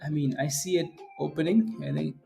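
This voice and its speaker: A man's voice: fairly high pitch, steady tone, brisk, creaky, dark tone, soft background music. A man hosting a live day trading stream, chatting casually, laughing often and answering viewers by name. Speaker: day trading livestream host.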